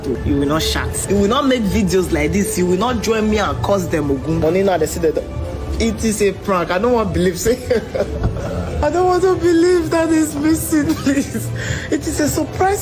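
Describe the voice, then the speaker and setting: Laughing Nigerian woman teasing her viewers. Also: medium pitch. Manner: teasing, laughing, sing-song exclamations. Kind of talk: social media commentary clip.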